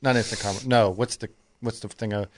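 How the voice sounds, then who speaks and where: A man's voice: on the low side, fairly even intonation, fast talker. A man in a casual chat, rambling and searching for words with lots of uh's.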